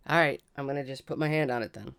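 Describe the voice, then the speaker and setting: A man's voice: mid-range voice, fast, gravelly, a bit bright, clean tone. Casual man playing a tabletop game. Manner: casual, hesitant, swears. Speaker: player.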